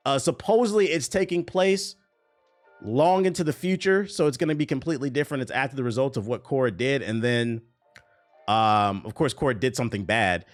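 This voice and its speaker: A man's voice: mid-range voice, a little fast, faint music behind. A young man in his twenties, a streamer, talking through gaming news in a casual, rambling and profane way. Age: 20s.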